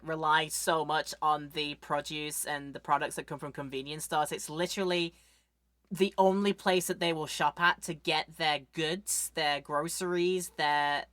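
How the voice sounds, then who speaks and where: A woman streamer giving casual gameplay commentary, rambling and joking with quick asides. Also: low voice, a bit bright, dry recording.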